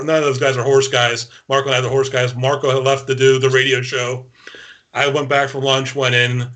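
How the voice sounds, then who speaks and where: A man co-hosting a horse racing show, telling a story in a brisk, matter-of-fact casual way. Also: mid-range voice, a bit bright. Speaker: co-host, horse racing handicapper. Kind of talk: casual chat.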